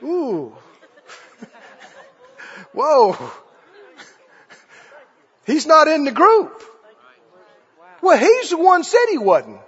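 A man's voice: very high-pitched, very animated, very slow, long pauses, a bit bright. A man preacher delivering a fervent sermon and firing rhetorical questions at his congregation. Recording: dull recording with long hall reverb.

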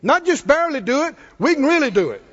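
A man's voice: extremely high pitch, very animated, fast, a bit bright. A man preaching a sermon in a church, with emphatic call-and-response preaching. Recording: long hall reverb, dull lo-fi sound.

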